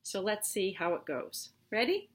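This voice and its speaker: A woman teacher reading a picture book aloud to her students, with expressive, drawn-out storytelling. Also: mid-range voice.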